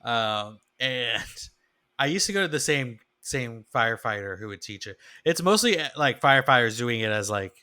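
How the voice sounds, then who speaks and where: A man co-hosting a podcast, telling stories in chatty, animated casual conversation. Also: mid-range voice, moderate pace, clear, resonant tone. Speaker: podcast co-host. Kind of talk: casual chat.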